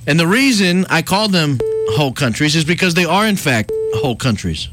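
On a morning talk radio show, a male host banters sarcastically and mockingly from the studio, putting on sing-song voices. His voice runs on the high side, expressive and a little fast.

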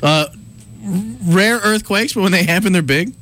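A man's voice: high-pitched, normal speed, a bit bright. A man hosting a morning talk radio show, sarcastic and mocking in his banter. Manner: sarcastic, mocking, puts on sing-song voices. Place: radio studio.

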